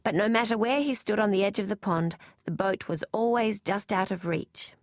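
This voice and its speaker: A woman narrating a novel aloud in first person, in a measured, even manner. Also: mid-range voice, no room sound, studio quality. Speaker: audiobook narrator.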